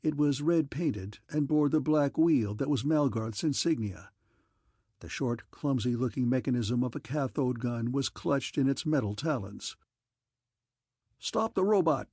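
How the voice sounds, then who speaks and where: A man reading a pulp science-fiction audiobook in a measured, dramatic narration. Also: medium pitch, warm tone, slightly rough, no room sound, clean studio sound. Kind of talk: scripted narration.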